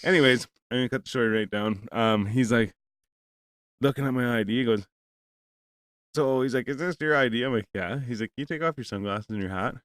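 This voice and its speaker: On a recording with no room sound, a man with a mid-range voice speaks fairly quickly as a podcast host. He tells a meandering, foul-mouthed story casually, acting out both people in a conversation.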